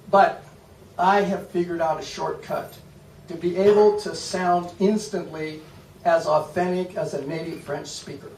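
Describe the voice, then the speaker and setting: A male stand-up comedian from the United States delivering a deadpan, self-mocking set in a comedy club. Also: on the high side. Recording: echoey room from far off, loud noise.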